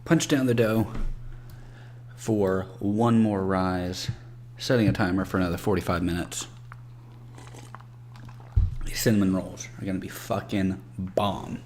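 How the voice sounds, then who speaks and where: A man with a lowish voice chats casually while streaming a game. He thinks out loud and swears freely. The recording carries a clear layer of background noise. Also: fairly even intonation, unhurried, pauses often. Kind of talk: casual gameplay chat.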